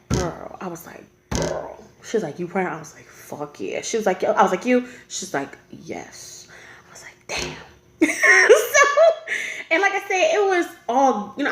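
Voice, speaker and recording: A woman, telling a personal story in a casual vlog and acting out the other voices in it. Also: mid-range voice. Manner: animated, laughing, acts out quoted voices. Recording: echoey room.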